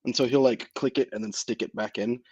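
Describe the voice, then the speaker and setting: A man's voice: mid-range voice, fairly even intonation, fairly quick, a little mellow, breathy edge, dry recording, highs cut off. A man playing a tabletop game, describing his character in a rambling way, full of fillers. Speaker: player.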